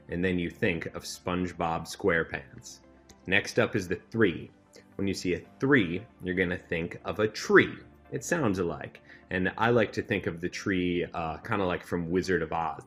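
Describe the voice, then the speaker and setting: A man calmly explaining a card memory system step by step, with a patient, repetitive manner and the odd filler. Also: low voice. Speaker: magic instructor. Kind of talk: instructional narration.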